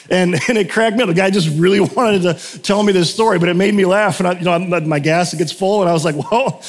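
Male pastor, relaxed storytelling sermon, slightly high voice, lingering church-hall reverb. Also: a little fast. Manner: chatty, self-interrupting storyteller. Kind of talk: casual sermon.

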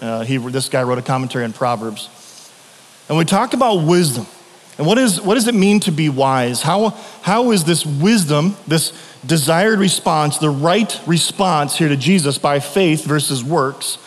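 A man's voice: a little high, in a large hall. A man preaching a sermon as pastor, telling stories in a loose conversational way with frequent restarts.

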